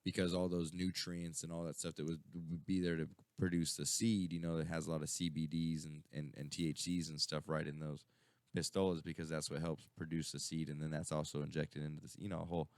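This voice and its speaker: Guy with a real low voice rambling about stuff, swears a lot, dry close mic. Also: flat delivery, brisk, darkish tone, no echo. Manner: rambling, profane storytelling with many fillers. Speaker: radio show co-host. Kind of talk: casual stoner chat.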